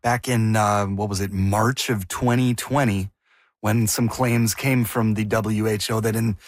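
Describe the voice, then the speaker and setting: A man's voice: lowish voice, steady tone, unhurried, no echo, clean studio sound. A man co-hosting a discussion, asking questions and explaining points conversationally.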